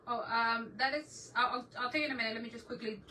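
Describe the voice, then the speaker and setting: A woman's voice: fairly high pitch, fast. A middle-aged woman hosting a casual DIY craft livestream, chatting with viewers and laughing often as she works. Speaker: DIY craft channel host. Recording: voice a bit far from the mic, faint background noise.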